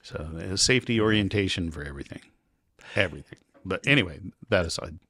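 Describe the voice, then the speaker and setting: A man, a podcast guest, telling animated, rambling stories in casual chat. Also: sits low, quick pace, slightly rough, no echo. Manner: rambling, animated anecdotes with quoted voices. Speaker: podcast guest, local publisher.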